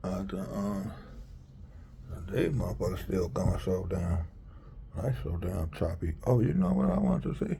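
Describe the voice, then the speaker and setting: A man talks in a loose, rambling way, breaking into laughter again and again. His voice is gravelly and swings wildly in pitch, from low mutters up to high squeals. Now and then he sinks into a near whisper. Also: big pitch swings, a little slow, mellow, slight background noise. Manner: rambling, laughing often, drops to a whisper at times. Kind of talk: casual rambling chat.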